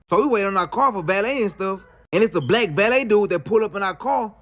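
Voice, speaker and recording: A man telling a story in a casual, slangy, animated way. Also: high-pitched, fast talker.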